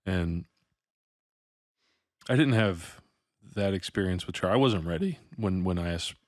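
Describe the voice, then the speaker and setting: A man hosting a podcast interview, speaking reflectively and thinking aloud in a soft voice. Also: sits low, expressive, a little slow, dry recording, clean studio sound. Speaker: podcast host. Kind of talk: casual interview conversation.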